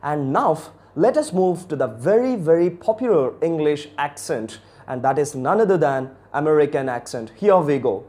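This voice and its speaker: Mellow Indian man teaching accents. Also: a little high, animated, normal speed, hardly any pauses. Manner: chatty, addresses viewers, frequent fillers. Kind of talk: casual video lesson.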